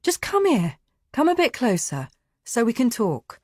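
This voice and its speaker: A woman's voice: sits low, moderate pace, dry recording, clean studio sound, close to an everyday voice. Woman voicing a sweary young man. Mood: coaxing, calmer. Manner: shouting, sweary, then coaxing. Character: angry young male neighbour, blunt and swearing.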